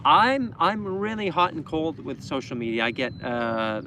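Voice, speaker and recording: A man's voice: a little high, big pitch swings, moderate pace, sharp tone, a little hiss or hum. Easygoing man reading viewer questions. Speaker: livestream co-host. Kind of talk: casual livestream chat.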